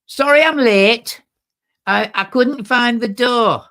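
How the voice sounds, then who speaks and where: A woman's voice: a little high, takes it slowly, a bit bright, pitched above the performer's own voice. A man putting on a chatty, eager woman poet with a Manchester accent. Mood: flustered. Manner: apologetic, eager, breathless chatter.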